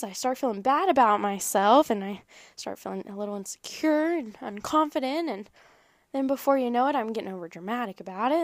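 A woman's voice: a little high, no room sound, clean studio sound. A young woman giving an earnest, rambling personal talk about faith and prayer. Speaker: faith vlogger.

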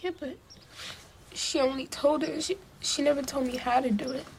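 A woman's voice: high-pitched, steady tone, moderate pace, a little hiss or hum. A young actress playing a frightened sixteen-year-old girl in a film scene, pleading and anxious. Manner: pleading, anxious, near tears. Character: distraught teenage girl of sixteen.

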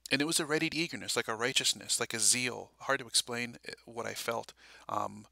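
A man recounting a dream and tying it to scripture, halting with many fillers and restarts. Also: mid-range voice, gravelly, pushed and bright, no echo. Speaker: religious video speaker.

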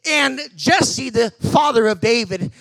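High-voiced preacher with gravelly shouts. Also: male voice, expressive, a little slow, dry recording. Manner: emphatic, shouting bursts, many repeated words. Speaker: pastor. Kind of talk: sermon.

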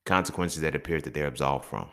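In a very deep, bright, forceful voice, a man talks fast through an unscripted solo podcast monologue. He's profane and blunt, regularly ramping up into emphatic rants, and keeps checking in with whoever's listening.

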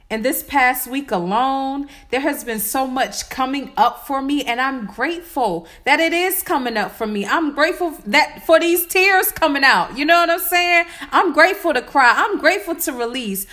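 A woman's voice: sits high, fairly bright tone. A woman in her late twenties giving a motivational self-healing talk in repeated, affirming phrases. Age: 20s. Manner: repetitive, affirming, incantatory. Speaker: spiritual vlogger.

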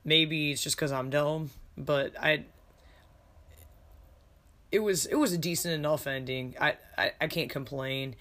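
A man's voice: a little high, a little slow, long pauses, bright, forceful tone. A man casually reviewing a series on a podcast, rambling and self-deprecating, with plenty of swearing. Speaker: podcast host reviewing a show.

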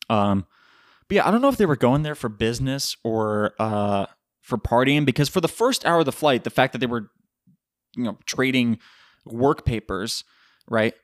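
A man hosting a solo podcast, telling a story in a rambling, profane and animated way. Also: mid-range voice, brisk, no echo, studio quality. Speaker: podcast host.

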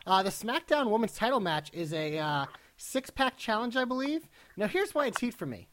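A podcast co-host talks about wrestling in a lively voice that rises and falls a lot. The speech is casual, and the questions come out exasperated and incredulous. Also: medium pitch, moderate pace, slight background noise. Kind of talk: casual chat.

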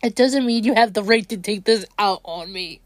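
A young woman venting in an upset, halting way, often restarting her sentences. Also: medium pitch, no room sound. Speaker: vlogger. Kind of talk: venting monologue.

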